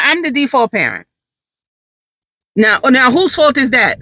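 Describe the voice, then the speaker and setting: Sassy, sharp-voiced tired mom. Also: female voice, on the high side, moderate pace, no room sound. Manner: animated, sassy, emphatic repetition. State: tired, drained. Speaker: mother and vlogger. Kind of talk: casual storytelling monologue.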